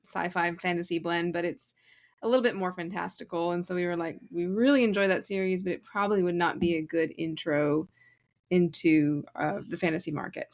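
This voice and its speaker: Low-voiced woman, easygoing guest author. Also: fairly even intonation, a little fast. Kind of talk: casual interview chat.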